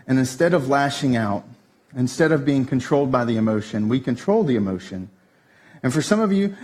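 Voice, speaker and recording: A man preaching a sermon, telling a family story with lively shifts up into a tense, excited delivery. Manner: animated storytelling, voice jumps high when telling the tense part. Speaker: pastor. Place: church stage.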